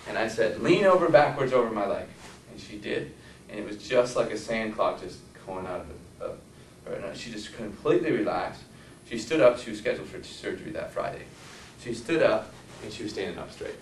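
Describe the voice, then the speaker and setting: A man's voice: fairly low pitch, lively intonation, a little fast. A male physical therapist tells meandering stories to a workshop audience and keeps asking them questions. The mic sits well away from him, so his voice carries the echo of the room. A faint hiss runs under it. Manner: rambling storyteller, asks the audience questions. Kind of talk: anecdotal lecture to a live audience. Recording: echoey room from a distant mic.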